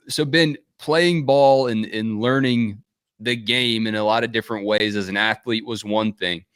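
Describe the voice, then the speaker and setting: A man's voice: mid-range voice, fairly bright tone, clean tone, no room sound. A male interviewer with a mid-range voice, recorded close and dry with no room sound. He shares his own stories before asking long, easygoing questions. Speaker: interviewer, host. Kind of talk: conversational interview.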